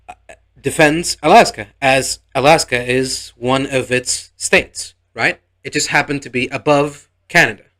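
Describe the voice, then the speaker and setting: A man's voice: medium pitch, a bit bright. Sarcastic rambling male reviewer. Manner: sarcastic, rambling, acts out the characters' lines. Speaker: show reviewer. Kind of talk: casual spoken review recap.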